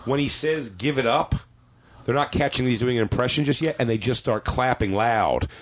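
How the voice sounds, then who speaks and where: A man's voice: mid-range voice, brisk, no room sound. A male comedian in casual podcast chat, rambling through profane stories and acting out quotes.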